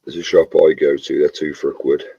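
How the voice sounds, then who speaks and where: A man's voice: extremely low pitch, level tone, a little fast, gravelly, dark tone, a little hiss or hum. A man from England chatting casually and telling jokey stories with friends. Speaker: co-host. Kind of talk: casual chat. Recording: dull, lo-fi sound.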